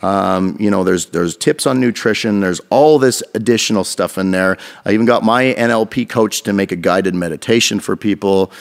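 A man from Canada talks on a podcast in a low, gravelly voice. He is energetic and swears freely as he tells stories. He speaks into a studio mic. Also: moderate pace, few pauses. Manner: energetic, profane, storytelling. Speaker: podcast guest, fitness coach. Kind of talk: casual podcast chat.

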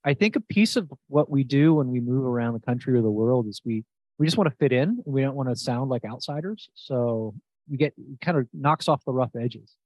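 The recording is muffled, with no room sound, carrying a medium-pitched, darkish male voice that is animated and a little fast. He's a podcast host from New Jersey having a casual interview chat, enthusiastic with his guest and prone to restarting his sentences.

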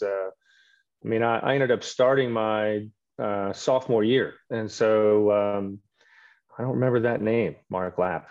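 A middle-aged man tells career stories quickly and with self-deprecating humor. His voice sits in a middle pitch, and the recording sounds slightly muffled. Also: a little mellow. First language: French. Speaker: guest, orthopedic surgeon. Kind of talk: casual interview chat.

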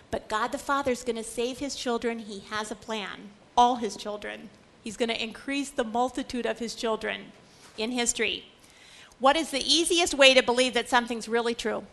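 A woman giving a Catholic teaching lecture to a group, animated and fond of repeating phrases for emphasis. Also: a little high.

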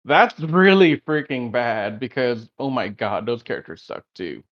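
A man's voice: mid-range voice, sing-song, unhurried, dull audio. A man co-hosting a casual review podcast, blunt and opinionated. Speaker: podcast co-host.

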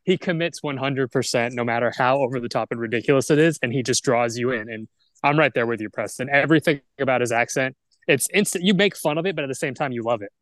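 A man's voice: mid-range voice, quick pace, no room sound. Man with a dry, close podcast sound. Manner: animated, opinionated, argues his case. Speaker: podcast co-host, lawyer. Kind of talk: casual podcast chat.

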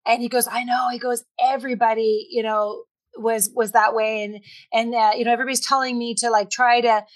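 A woman from Canada with a fairly high voice chats as a guest. She retells conversations with quick asides in a casual, friendly way. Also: little pitch movement. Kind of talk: casual chat.

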